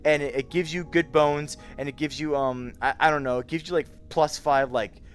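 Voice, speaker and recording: A man's voice: fairly high pitch, steady tone, normal speed. A tired young man chatting casually on a late-night livestream, yawning and rambling as he greets his chat by name. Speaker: VR streamer.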